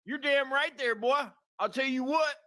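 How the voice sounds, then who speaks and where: A man putting on a loud, drawling voice as a hospitable country farmer who keeps calling people boy. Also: very high voice, sing-song, fairly quick, no echo, studio quality, pitched above the performer's own voice, full character voice. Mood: hollering hospitable. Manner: hollering, drawling, calls everyone boy.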